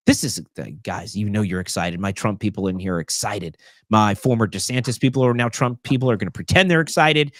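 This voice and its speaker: A man hosting a political talk show, his pitch swinging widely as he jokes and jabs sarcastically. He often stops on fillers. The sound is dry and close. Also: dry recording. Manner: animated, sarcastic, many fillers. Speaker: show host. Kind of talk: casual political commentary.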